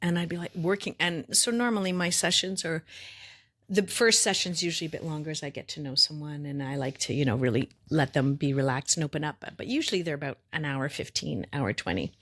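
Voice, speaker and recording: A middle-aged woman with a fairly low voice co-hosts a casual podcast chat. She tells her stories with lots of animation, acting out the voices of herself and her clients and dropping the odd swear word. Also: brisk, a bit bright. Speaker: podcast co-host and energy worker. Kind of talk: casual conversation.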